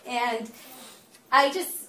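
A woman with a fairly high pitch addresses a small gathering, mixing a sermon with personal anecdotes; she laughs often and chats lively through the stories but eases into a slower, softer delivery for sincere teaching. The recording has a roomy echo, faint ambience, and a little hiss or hum.

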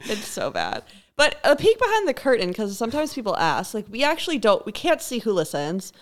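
A woman's voice: a little high, wildly swooping pitch, a little fast. A hungover woman co-hosting a casual podcast, playful and giggly, teasing her co-host.

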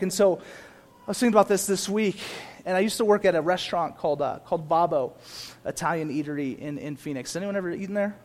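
A young man preaching a sermon to a congregation, animated, moving between quiet asides and loud emphatic repetition. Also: high-pitched, fairly quick. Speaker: pastor.

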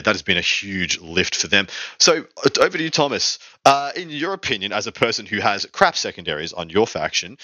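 A man's voice: sits low, no room sound. A man hosting a podcast in casual chat, handing questions to his guests. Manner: lively, asks questions and hands over to guests. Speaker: podcast host. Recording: dull lo-fi audio.

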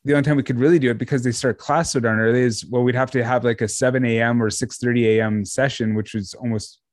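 A man co-hosting a podcast on trades teaching, talking in a relaxed, chatty way and laughing easily. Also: mid-range voice, quick pace, no room sound, clean studio sound. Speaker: podcast co-host, trades education developer. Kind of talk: casual conversational podcast chat.

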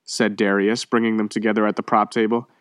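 A man reading a short story aloud in measured, steady narration. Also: on the low side, dry recording, studio quality. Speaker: reader. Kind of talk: audiobook reading.

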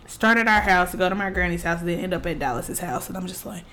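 A young woman co-hosting a casual podcast, telling stories with lively acted-out quotes. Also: lowish voice, quick pace, a little hiss or hum. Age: young adult. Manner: animated storytelling with acted-out quotes. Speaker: podcast co-host. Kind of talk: casual chat.

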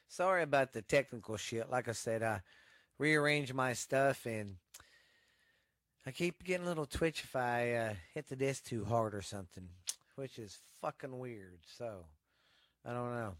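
A man's voice: mid-range voice, measured pace, fairly bright tone, dry recording, clean studio sound. Rambling profane Texan man. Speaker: podcast host. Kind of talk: casual profane news chat. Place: home desk setup.

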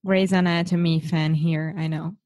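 A woman's voice: sits low, little pitch movement, moderate pace, a little mellow. A woman co-hosting a casual podcast chat, searching for her words in English and laughing often. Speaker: co-host, English learner.

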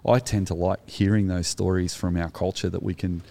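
A deep Australian man in his fifties talks through a theology podcast conversation, his voice gravelly with a mellow, dark tone. He speaks conversationally, often restarting his sentences as he thinks aloud. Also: little pitch movement, normal speed, dry recording. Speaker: podcast co-host. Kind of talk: casual theological discussion.

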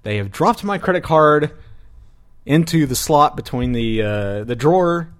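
In casual podcast chat, a male host with a fairly high voice tells a long story at a measured pace. He swears as he goes and animates the retelling by acting out the other people in it with quoted voices.

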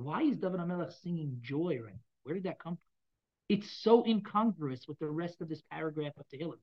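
A woman's voice: mid-range voice, lo-fi sound. A woman teaching a text lesson to a class, explaining and often asking the students if they follow. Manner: explanatory, asks the class questions. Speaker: Torah teacher.

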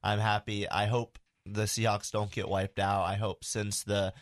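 Male radio co-host, lower voice, casual and joking with hesitant restarts. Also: little pitch movement, unhurried, no echo, studio quality. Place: radio studio.

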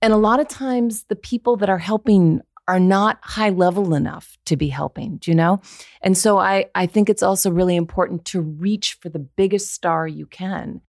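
A woman's voice: mid-range voice, normal speed, darkish tone, no room sound, clean studio sound. A woman voiceover actor, a guest on a podcast, talking in a candid, earnest way as she thinks aloud. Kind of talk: casual interview chat.

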